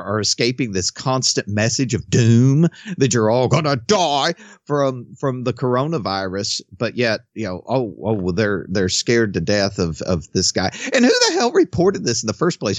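A man co-hosting a podcast, chatting casually with sarcastic, animated commentary and frequent halting restarts. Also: a little high, dry recording, studio quality. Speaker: podcast co-host. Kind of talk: casual opinion chat.

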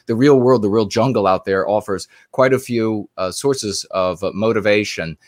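A man's voice: on the low side, moderate pace, no echo, studio quality. A man co-hosting a livestream and giving a long spoken commentary. He talks earnestly, often restarting and repeating phrases. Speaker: livestream co-host.

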